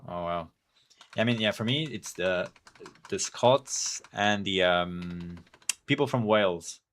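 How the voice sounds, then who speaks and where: Deep-voiced streamer, Portuguese native. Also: male voice, fairly bright tone. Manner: chatty, halting, thinks aloud while playing. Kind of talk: casual gameplay stream chat.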